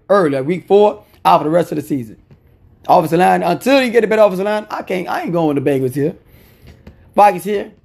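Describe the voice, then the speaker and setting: A man with a fairly high, gravelly voice rattles off his football betting picks. He is casual and opinionated, and he repeats short phrases to hammer home his point. The tone is loose and conversational. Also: darkish tone. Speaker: sports picks commentator.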